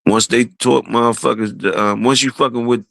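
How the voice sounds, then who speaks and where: A man on a livestream, rambling in casual chat with profanity, often laughing and quoting others with animated, raised delivery. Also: mid-range voice, moderate pace, creaky, no room sound, rough recording. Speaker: streamer host.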